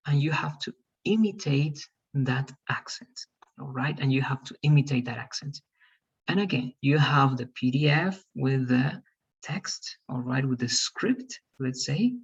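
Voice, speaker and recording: Husky man teaching over a dull line. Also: a little high. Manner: repetitive, checks in with "all right?". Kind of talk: online class instructions.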